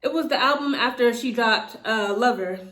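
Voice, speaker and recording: A woman's voice: on the high side, moderate pace, a bit bright. Chatty woman in an echoey room. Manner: rambling, filler-heavy, reads lyrics aloud. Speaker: commentary vlogger. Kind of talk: casual commentary on rap news.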